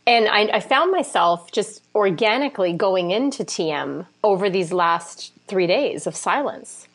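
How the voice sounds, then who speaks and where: A woman in casual conversation, talking in an animated, self-deprecating way with lots of laughter and fillers. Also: medium pitch, a little slow, slightly rough. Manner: frequent fillers like "like" and "you know". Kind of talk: casual chat.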